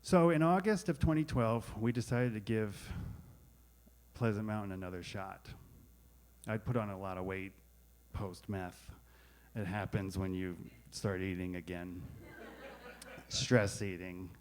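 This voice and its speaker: A man's voice: on the low side, steady tone, measured pace. A man telling a candid, wry personal story on stage at a live storytelling event, speaking into a stage microphone. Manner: candid, wry, self-deprecating.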